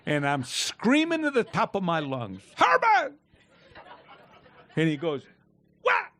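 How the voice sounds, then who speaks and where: An older man with a drawl spins a golf yarn at a fireside chat. His voice sits a little high for a man. He laughs often and bursts into loud quoted shouts. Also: wildly swooping pitch, normal speed. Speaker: golf pro telling stories.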